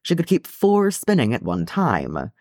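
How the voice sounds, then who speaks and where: A man's voice: mid-range voice, huge pitch swings, measured pace, a little mellow, no echo, clean studio sound, pitched above the performer's own voice. A man voicing a proud dwarf telling of his clan's old ways, reading an audiobook. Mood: proud, fond.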